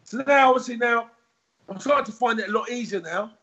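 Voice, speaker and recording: A man talks as a podcast guest, circling back over his words in a rambling, animated way. His voice sits fairly high and sounds husky. The audio is a little dull and lo-fi. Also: fast. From United Kingdom. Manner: rambling, repetitive, animated storytelling. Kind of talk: casual podcast interview.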